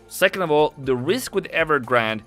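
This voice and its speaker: Male streamer, bright forceful voice, chatty and rambling, faint music underneath. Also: a little high, expressive, normal speed. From Norway. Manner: rambling and chatty, often self-correcting. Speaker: trading streamer. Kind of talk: live market commentary.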